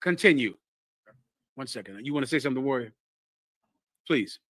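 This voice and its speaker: A man's voice: mid-range voice, animated, normal speed, fairly bright tone, no room sound. A man leading a congregation class, teaching in a blunt, emphatic, preachy style.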